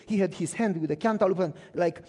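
A man's voice: high voice, fast, dark tone, long reverb tail. A man preaching a storytelling sermon as a pastor, who acts out the dialogue and asks the audience questions.

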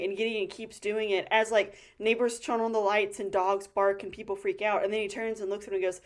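A woman's voice: mid-range voice, steady tone, a little fast, hardly any pauses. Blunt, analytical woman podcast co-host. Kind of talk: casual chat.

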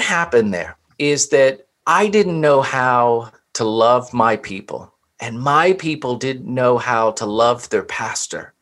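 A man from Florida, a pastor, tells personal stories in an earnest, preacherly way. His voice sits at an ordinary middle pitch, and he builds each point like a short sermon. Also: normal speed, hardly any pauses, fairly bright tone. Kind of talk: personal testimony in conversation.

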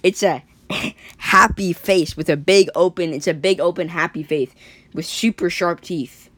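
A woman's voice: lowish voice, a little slow, a bit bright, dry recording. A woman telling an improvised story in a rambling way, full of likes and restarts. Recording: faint background noise.

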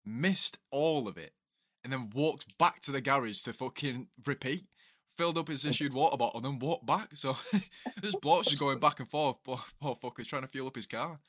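A man's voice: medium pitch, moderate pace, fairly bright tone, dry recording, studio quality. A man, an ex-soldier co-hosting a podcast, telling laid-back sweary army stories in casual chat.

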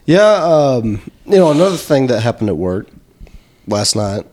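A young man on a podcast telling rambling work anecdotes in a relaxed, casual way. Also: mid-range voice, unhurried. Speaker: podcast co-host. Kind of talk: casual chat.

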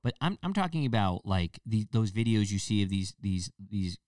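Low-voiced man rambling on a podcast. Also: sing-song, normal speed, darkish tone, dry recording, clean studio sound, distant mic. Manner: rambling, many restarts and fillers; mocks people with put-on baby voices. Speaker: podcast host. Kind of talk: casual solo podcast chat.

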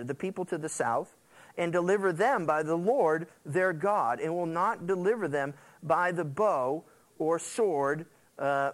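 Middle-aged guy preaching, high voice, really expressive, jokes around with the church. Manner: animated, quips and laughs with the congregation. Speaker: pastor. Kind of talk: sermon.

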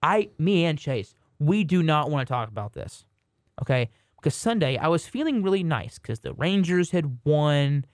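A young man co-hosting a casual sports podcast, joking and rambling with quick restarts. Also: medium pitch, a little mellow, dry recording, clean studio sound. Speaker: podcast co-host.

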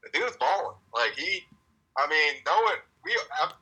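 A man co-hosting a casual sports chat from his car, excitable and quick to laugh. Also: a little high, breathy edge, rough recording. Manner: excitable, laughs often, swears. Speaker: podcast co-host. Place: in a car on country roads.

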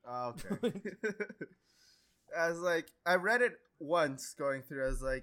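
A young man co-hosting a podcast in casual chat, easygoing and quick to laugh. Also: mid-range voice, a bit bright, smooth. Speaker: podcast co-host.

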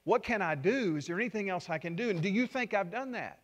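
A man's voice: high voice, expressive, quick pace. A middle-aged male pastor preaching a sermon, sharing personal stories with earnest, emphatic appeals.

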